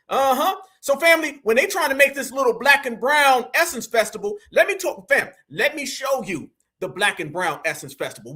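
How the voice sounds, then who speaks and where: With a husky yet very high, piercing voice full of edge and brightness, an American man rants on his reaction channel. His heated commentary is mocking and combative, and he repeatedly calls his audience "fam."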